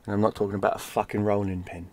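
A man's voice: fairly low pitch, level tone, racing. A middle-aged man tells a personal story in blunt, casual speech and swears freely. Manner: blunt, swears freely, drops to a hush for tense moments. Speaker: gaming streamer telling a personal story.

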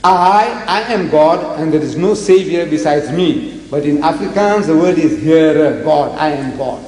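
Older male lecturer from South Africa, animated and given to acting out quotes, pitched a little high, recorded in a big echoing hall. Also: unhurried. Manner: animated, quoting and acting out dialogue. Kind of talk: religious debate lecture. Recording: echoey hall with faint noise.

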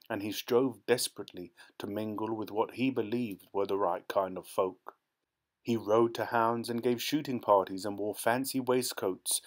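A man reading a short story aloud as an audiobook narrator, in a measured storytelling manner. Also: on the low side. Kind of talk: scripted narration.

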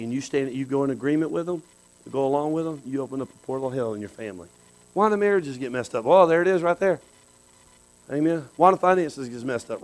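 On poor audio, a male pastor preaches a sermon in a conversational style. He drops into low asides, then bursts into loud exclamations.

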